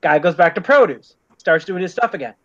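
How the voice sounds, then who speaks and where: A man's voice: high voice, lively intonation, fairly quick, fairly bright tone, highs cut off. A man hosting a live stream, chatting casually and telling jokes, laughing often.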